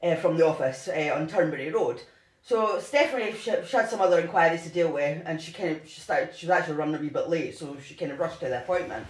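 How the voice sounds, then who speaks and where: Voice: mid-range voice, fast talker. Podcaster with a roomy echo. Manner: rambling, lots of "like" and restarts. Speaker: podcast co-host. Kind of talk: casual true-crime storytelling.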